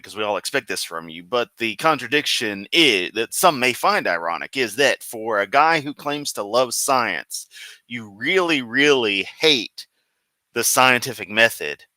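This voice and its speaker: Male reaction host, sarcastic and rambling, bright forceful tone, dry close recording. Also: medium pitch, no echo. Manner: sarcastic, rambling, talks back to the clip. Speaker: commentary host reacting to clips. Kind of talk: casual reaction commentary.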